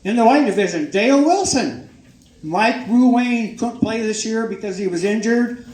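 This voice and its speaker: An older man with a high-sitting, slightly mellow voice speaks at a normal speed, animated and folksy, as he presents awards at a banquet. He jokes casually and talks up each winner with emphatic praise, and the echoey banquet hall carries crowd noise.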